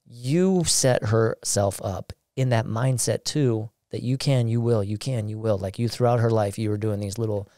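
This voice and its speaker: A man's voice: on the low side, moderate pace, hardly any pauses, dark tone, no room sound, studio quality. A man hosting a podcast, reacting to his guest's story in casual chat and chiming in often. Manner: affirming, chimes in often. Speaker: podcast host.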